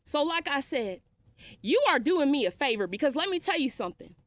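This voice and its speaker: A woman's voice: sits high, very animated, brisk, fairly bright tone, no room sound. A woman vlogging a defiant, sarcastic rant, blunt and swearing freely. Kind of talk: ranting vlog monologue.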